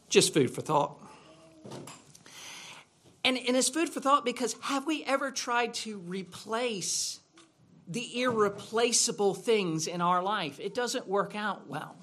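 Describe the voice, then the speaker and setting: Male pastor, sermon, unhurried delivery, conversational, rhetorical questions, church. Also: high-pitched, lively intonation, fairly bright tone.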